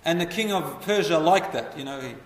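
A man telling a history story as a lecture, animated and putting questions to his listeners. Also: a little high, fairly quick. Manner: animated, asks the audience questions. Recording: echoey hall, voice from far off.

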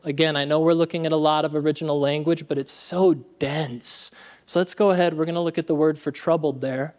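Man, pastor, sermon, high-pitched, lively, laughing, church. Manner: animated, laughing, calls to the congregation.

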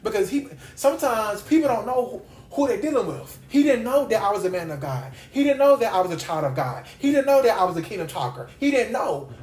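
A man's voice: high voice, sing-song, brisk, few pauses, darkish tone. Man preaching casually in a roomy space. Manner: repeats phrases for emphasis; conversational, with slangy asides. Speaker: podcast host and Bible teacher. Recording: roomy echo.

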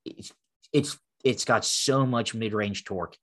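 A man chatting casually about cars as co-host, relaxed and full of quick restarts. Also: fairly low pitch. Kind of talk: casual car chat.

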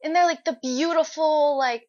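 A young woman co-hosting a podcast, telling a story in an animated, dramatic way. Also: sits high, normal speed. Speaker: podcast co-host. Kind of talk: casual chat. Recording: dull lo-fi recording.

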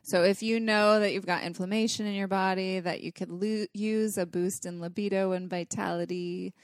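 A woman guest on a podcast, a Chinese medicine doctor, explaining her programs in a relaxed way with easy laughs. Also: medium pitch, normal speed, clear, resonant tone, no echo, studio quality. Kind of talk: casual podcast interview.

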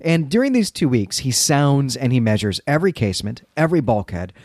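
A man's voice: mid-range voice, very animated, fairly quick, darkish tone, dry recording. Guy on a book podcast walking thru a story, chatty asides, dead dry sound. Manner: retells the plot and breaks in with commentary. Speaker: podcast co-host. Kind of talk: casual literary discussion.

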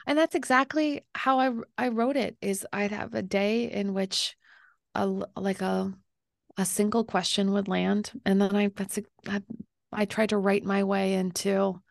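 A woman author talking as an interview guest, gentle and reflective, often laughing and dropping into soft near-whispers. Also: mid-range voice, steady tone, measured pace, creaky, no echo, clean studio sound. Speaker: author and podcast host, guest.

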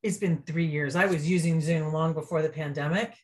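A woman's voice: deep voice, steady tone, fairly quick. A woman guest on an interview podcast, a restaurant consultant, talking earnestly and with enthusiasm in casual chat.

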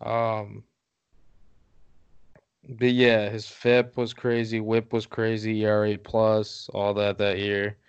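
A man's voice: on the low side, completely flat delivery, slow pace, pauses often, clean tone, dull audio. A man co-hosting a podcast, chatting casually, rambling through stats and laughing often. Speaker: podcast co-host. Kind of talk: casual chat.

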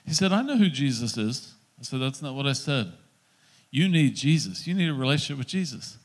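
A middle-aged male pastor telling a story in a sermon, acting out the dialogue in an animated preaching voice. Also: medium pitch, brisk.

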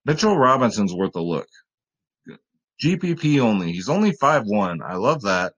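A man's voice: fairly low pitch, sing-song, normal speed, a bit bright, slightly rough, dull audio. Rambling man giving fantasy picks. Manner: rambling, joking, addresses viewers as guys. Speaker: fantasy sports vlogger. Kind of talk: casual sports betting picks talk.

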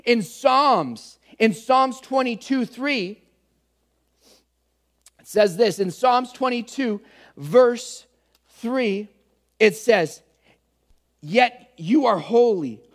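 A man's voice: very high-pitched, expressive, very slow, long pauses. A man preaching a conversational teaching sermon, earnest and speaking straight to his listeners as he explains word meanings.

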